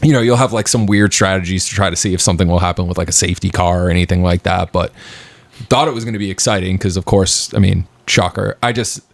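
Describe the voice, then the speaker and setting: A man's voice: sits low, quick pace, creaky, dry recording. A man co-hosting a podcast from his home basement, chatting casually and rambling with lots of fillers. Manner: rambling, filler-heavy storytelling. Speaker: podcast co-host. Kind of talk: casual chat.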